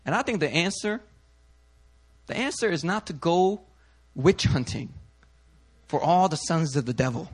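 A male pastor giving a sermon in an animated, conversational way, full of slang and asides to the congregation. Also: fairly high pitch, unhurried, long pauses, slightly rough.

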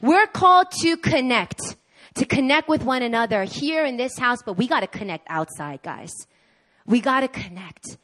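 A woman with a somewhat high voice gives a sermon at a church service. She preaches in a lively, animated way and acts out the voices of the people she quotes. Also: normal speed. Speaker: guest preacher.

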